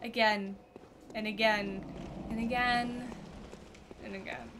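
A woman streamer giving excitable, foul-mouthed commentary to her viewers while playing a game. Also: a little high, slow, a little hiss or hum. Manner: excitable, swears freely, talks to her viewers. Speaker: gaming streamer. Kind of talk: let's play commentary. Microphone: headset or desk mic.

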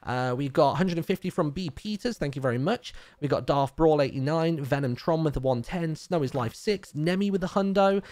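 A British man reading out donor names and messages on a charity game stream, brisk with filler ums. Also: a little high, animated, darkish tone, no room sound. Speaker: livestream donation reader.

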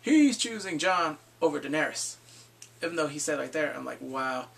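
A man reviews a TV episode in a loose vlog recap, his voice sitting a bit high with a gravelly edge. He gets worked up, swears often, and slips into quick impressions of the characters. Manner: excitable, profane, acts out quoted lines.

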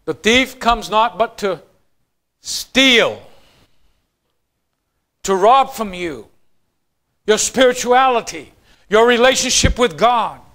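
High, bright-voiced male preacher. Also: expressive, slow, pauses often. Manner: preaching with sudden shifts from quiet to loud. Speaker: pastor. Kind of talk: sermon.

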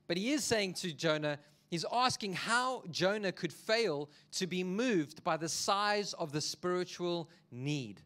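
A man preaching a sermon as a pastor, telling the story in an animated, jokey way. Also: on the high side, a little slow, hardly any pauses.

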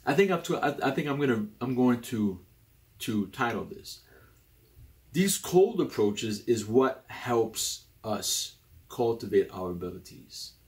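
A young adult man hosting a casual talk about personality types, animated and rambling, often restarting his sentences. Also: unhurried. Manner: animated and rambling, with many restarts and sudden jumps in pitch. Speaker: host.

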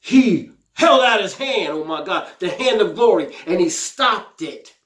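This preacher speaks in a high, animated voice, a little slowly and slightly bright, in an echoey room. His sermon is full of fervent exclamations and repeated lines, and he paraphrases and acts out the scripture with a pleading voice.

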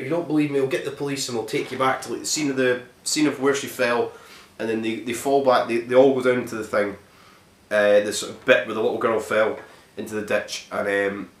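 A man casually retelling a film's plot as a reviewer, rambling and swearing, with lots of "like" fillers. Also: mid-range voice. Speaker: film reviewer. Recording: roomy echo.

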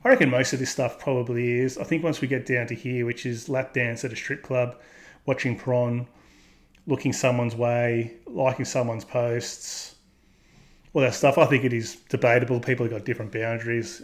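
A man's voice: mid-range voice, fairly even intonation, normal speed. Blunt, crude man. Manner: blunt and crude, laughs at own jokes. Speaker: host. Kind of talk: casual commentary reacting to posts.

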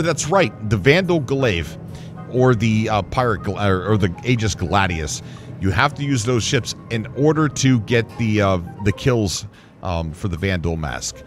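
Running a gaming channel, this fairly low-pitched man gives laid-back commentary on gameplay, rambling excitedly and frequently breaking into laughter.

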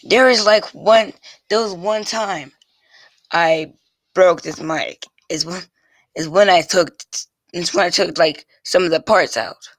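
A man's voice: sits high, fairly bright tone, dry recording. A male vlogger talking casually to his viewers, stumbling and repeating phrases over and over before finishing a thought. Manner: halting, restarts and repeats phrases constantly. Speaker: YouTube vlogger. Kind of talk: casual rambling vlog talk. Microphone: desk mic with pop filter.

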